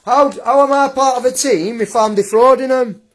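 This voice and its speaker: A man's voice: extremely high pitch, moderate pace. A young man livestreaming an angry rant, taunting and mocking a critic with frequent laughs.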